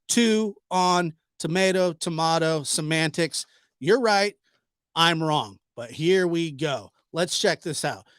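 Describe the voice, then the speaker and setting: A man delivers sarcastic commentary, slow and deliberate with plenty of pauses. His tone is exasperated and mock apologetic. The sound is dry and close, with no room echo. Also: on the high side, fairly bright tone. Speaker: channel host, commentator.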